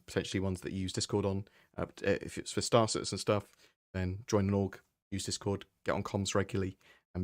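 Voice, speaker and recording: Low-voiced man, relaxed streamer Q&A. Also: no echo, studio quality. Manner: relaxed, conversational, thinks aloud while answering. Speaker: streamer answering viewer questions. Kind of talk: casual live-stream Q&A.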